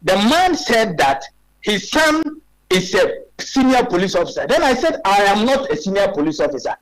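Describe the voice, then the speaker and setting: A man's voice: high-pitched, very animated, normal speed, low-quality recording. A man in his forties with a Ghanaian accent, a guest on a radio talk show, making his case emphatically and firing off rhetorical questions. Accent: Ghanaian English. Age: 40s.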